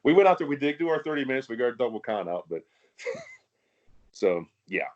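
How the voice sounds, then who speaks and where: A man's voice: medium pitch, very animated, normal speed, darkish tone, dull audio. A man, a former wrestler, telling stories in a casual podcast chat, laughing often and swearing freely.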